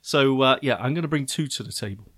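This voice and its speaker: A man's voice: mid-range voice, fairly bright tone, dry recording, clean studio sound. A British man co-hosting a podcast in a chatty, joking way. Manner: chatty, jokey, quick to laugh. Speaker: podcast co-host. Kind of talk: casual chat.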